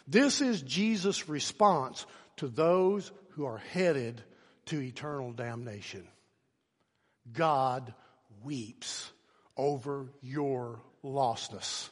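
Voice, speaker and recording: Impassioned preacher in a reverberant hall. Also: male voice, on the high side, husky. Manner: swings from hushed to shouting for emphasis. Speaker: pastor. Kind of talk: sermon.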